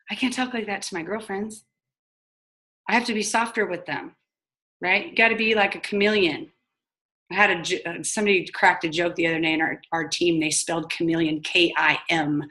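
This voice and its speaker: A young woman talks her sales team through a training call in a chatty, quick, casual way. She keeps slipping into little acted-out phone calls and peppers everything with "like". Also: mid-range voice, a bit bright. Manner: chatty, fast, acts out sample phone calls with lots of "like". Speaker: network marketing team trainer.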